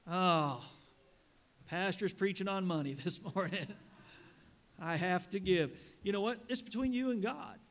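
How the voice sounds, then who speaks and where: A man preaching a sermon as a pastor in a church, reading scripture slowly and rising with emphasis. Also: sits high, lively intonation, a bit bright. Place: church sanctuary.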